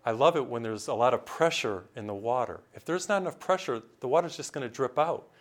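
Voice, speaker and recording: Priest giving a sermon. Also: male voice, medium pitch, expressive, fairly quick. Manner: storytelling with voiced characters and jokes.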